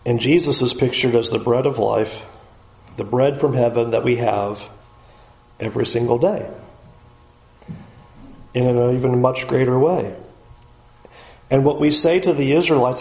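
A man preaching a sermon, rising loud on emphasis and dropping low and quiet to drive points home. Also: roomy sound. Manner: swings from loud rising emphasis to low quiet pleading, slows on key words.

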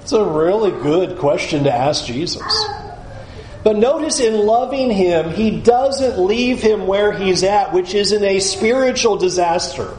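A male pastor preaching a sermon in a lively, animated way, often slipping into acted quotes. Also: sits high, measured pace, roomy sound, slight background noise.

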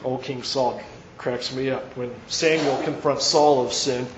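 A man's voice: medium pitch, fairly even intonation, roomy sound. Male pastor, earnest emphatic sermon; dull church recording with faint hiss. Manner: earnest, emphatic, pauses mid-phrase and restarts.

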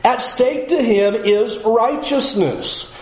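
A man teaching through a Bible passage in an earnest way, dropping low and soft when he quotes scripture. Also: slow pace, roomy sound, poor audio. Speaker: preacher.

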